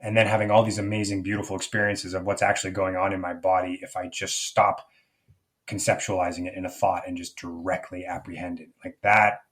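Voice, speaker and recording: A man's voice: deep voice, level tone, brisk, a bit bright. A middle-aged man speaking as a life coach guest in an interview, thoughtful and searching, often restarting his sentences. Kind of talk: reflective conversational interview.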